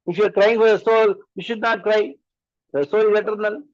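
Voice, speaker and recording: A man's voice: high-pitched, fairly even intonation, brisk, no echo, muffled recording. A man with an Indian English accent giving a sermon as a spiritual teacher, driving his point home with repeated rhetorical questions.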